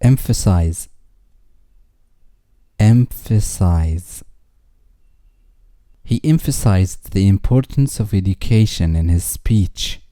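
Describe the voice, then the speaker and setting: A man reading English vocabulary words twice each, followed by a slow example sentence. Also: lowish voice, animated, mellow, no echo, clean studio sound.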